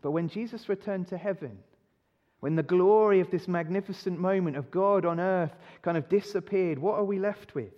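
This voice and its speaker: A man's voice: sits high, normal speed. A male preacher giving a sermon, emphatic, often putting rhetorical questions to his listeners. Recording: dull recording in a reverberant hall.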